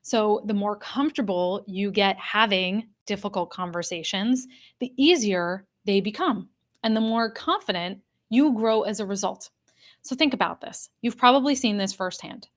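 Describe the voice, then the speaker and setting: A woman's voice: medium pitch, moderate pace. A woman executive coach teaching a live online workshop, talking straight to her audience and repeating the key points for emphasis. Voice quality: addresses a live chat audience directly.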